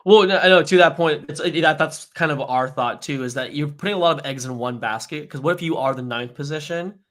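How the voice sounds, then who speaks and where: An agency owner appears as a guest on a podcast, chatting casually in a conversational interview and leaning heavily on "like" and "you know." His voice runs a little high and slightly bright, with a brisk delivery.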